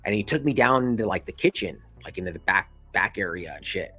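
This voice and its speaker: A man's voice: low-pitched, animated, a little fast, sharp tone, breathy edge, faint music behind. A man in his thirties casually telling a personal story straight to camera, full of slang and swearing, with laughs between lines. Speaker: vlogger.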